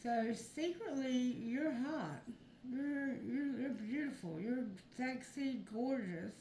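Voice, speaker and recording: A woman's voice: high voice, takes it slowly. A woman reading tarot for her viewers, talking frankly and chattily and now and then calling on spirit. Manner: frank, chatty, addresses spirit, earthy phrasing. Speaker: tarot reader. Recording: echoey room with noise behind.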